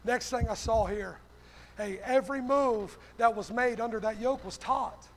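A man's voice: extremely high pitch, unhurried, a little hiss or hum. A male pastor preaching a sermon, punching his lines with a repeated "hey".

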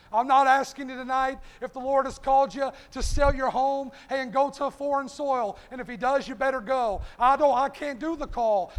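A man preaching an impassioned sermon, starting almost every phrase with "hey.". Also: very high-pitched. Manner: impassioned, repeats "hey" constantly. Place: church sanctuary. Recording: long hall reverb.

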